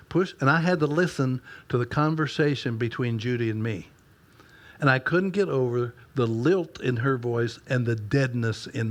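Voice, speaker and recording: An older man and pastor giving a storytelling talk at a leadership conference, folksy and self-deprecating with gentle humor. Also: mid-range voice.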